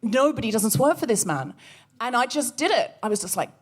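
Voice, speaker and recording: A woman co-hosting a comedy podcast, telling a story with animated energy and acting out the voices she quotes. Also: fairly high pitch, fairly quick, slightly rough. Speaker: podcast co-host. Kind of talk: comic storytelling before a live audience.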